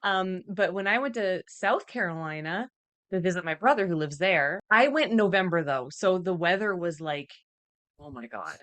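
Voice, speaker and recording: A woman's voice: fairly low pitch, moderate pace, a bit bright. A Canadian woman hosting a podcast, chatting casually with lots of fillers and laughs. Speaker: podcast host. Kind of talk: casual chat.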